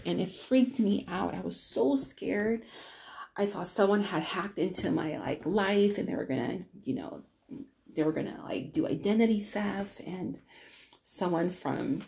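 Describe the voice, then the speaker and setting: Low gravelly woman, candid and rambling. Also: warm tone, slight background noise. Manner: candid, rambling storytelling with many restarts. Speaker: podcast host. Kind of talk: personal podcast monologue.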